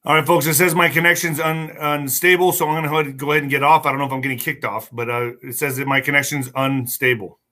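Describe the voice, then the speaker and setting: A man hosting a political livestream, talking in an excitable, mocking, rambling way with many asides. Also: fairly high pitch, fast talker, hardly any pauses. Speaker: livestream host.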